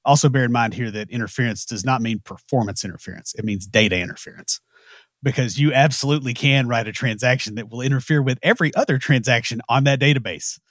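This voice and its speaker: A man's voice: mid-range voice, fast talker, fairly bright tone, no room sound. A man with a Southern US accent, co-hosting a casual technical talk with dry joking asides. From American South. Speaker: podcast co-host.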